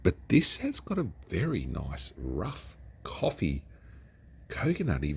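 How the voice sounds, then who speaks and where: A man's voice: low voice, wildly swooping pitch, takes it slowly, gravelly, slightly rough. An Australian man chatting casually through a beer review, rambling along and now and then dropping to a whisper.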